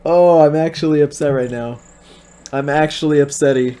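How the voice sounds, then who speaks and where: A man's voice: on the high side, moderate pace, warm tone, clean tone. A man streaming a video reaction, casual and mock-outraged, swearing often.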